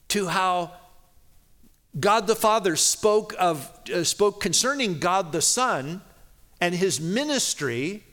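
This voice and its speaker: A man teaching a Bible passage in a sermon, reading verses slowly and explaining them in a casual way, with many fillers and restarts. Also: high-pitched, a bit bright. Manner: conversational, many "you know" fillers and restarts; reads scripture slowly and deliberately.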